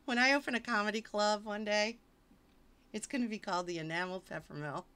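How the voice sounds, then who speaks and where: A woman's voice: medium pitch, a little fast, bright, forceful tone. A woman streamer reading fiction aloud on a casual livestream, breaking off for wisecracking, mock-exasperated asides.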